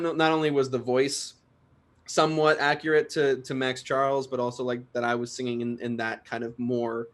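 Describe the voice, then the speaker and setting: In a relaxed interview, a guest singer, a young man with a mid-range voice, keeps things chatty. He pokes fun at himself, laughs a lot, and tends to start his sentences over.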